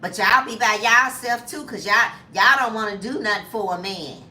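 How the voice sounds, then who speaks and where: A woman voicing a bitter middle-aged man who scolds single women slowly. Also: mid-range voice, sharp tone, echoey room, recorded from a distance. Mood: scolding.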